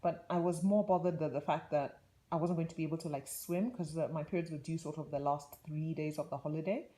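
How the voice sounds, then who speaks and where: Low-voiced woman telling a rambling story. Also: steady tone, fairly quick, warm tone. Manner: rambling, chatty, laughs often. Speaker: vlogger. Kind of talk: casual storytelling.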